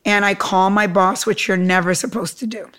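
A middle-aged woman from Cuba, a guest telling a lively story and acting out the other people in it. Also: mid-range voice, moderate pace. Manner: animated, acts out quoted voices.

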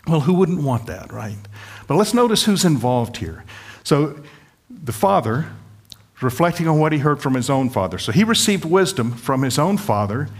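A man's voice: a little high, big pitch swings, moderate pace, slightly rough. Earnest middle-aged male preacher. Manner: conversational, pleading, self-deprecating asides. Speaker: pastor. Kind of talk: sermon.

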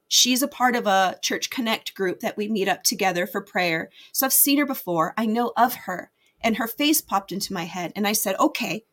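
Bright-voiced woman sharing a candid faith story. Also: mid-range voice. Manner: earnest and confiding, many fillers and restarts. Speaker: faith vlogger.

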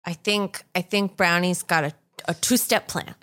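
A woman's voice: on the low side, normal speed, fairly bright tone. A woman playing a tabletop role-playing game, talking casually and often laughing. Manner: giggly, casual. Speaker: player.

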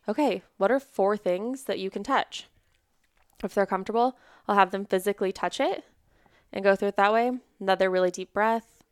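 A woman therapist speaks in a relaxed podcast conversation, leaning on "like" as she acts out quoted clients. Her voice is very smooth and resonant. The sound is dry and close to the mic. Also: mid-range voice, dry recording. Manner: chatty, many "like" fillers, acts out clients with quoted voices, laughs often.

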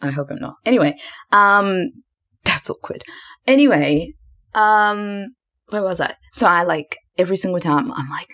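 Low-voiced chatty woman podcaster. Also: animated, normal speed, fairly bright tone. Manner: chatty, filler-heavy, self-described dramatic. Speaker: podcast host. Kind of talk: casual storytelling.

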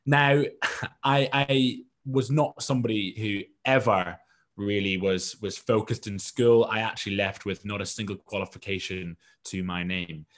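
A man's voice: fairly low pitch, fairly even intonation, measured pace, fairly bright tone. A man from the United Kingdom, a guest entrepreneur, telling his story in a self-deprecating, rambling way. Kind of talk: casual storytelling in an interview.

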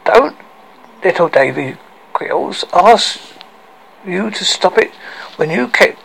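A man's voice: lively intonation, slow pace, gravelly, a bit bright, slightly rough, full character voice. Man voicing a cruel scratchy-voiced mistress. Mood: accusing. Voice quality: low, scratchy.

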